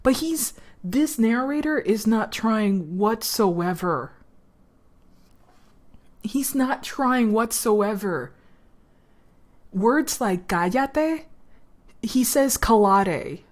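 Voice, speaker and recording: A woman's voice: on the high side, lively intonation, slow, long pauses. A woman streamer, chatting casually and swearing freely as she drifts between topics. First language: Spanish.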